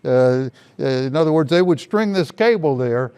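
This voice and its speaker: Older man with a smooth voice, recollecting. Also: mid-range voice, expressive, mellow. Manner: slow, reflective storytelling. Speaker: interviewee, veteran. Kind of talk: oral history recollection.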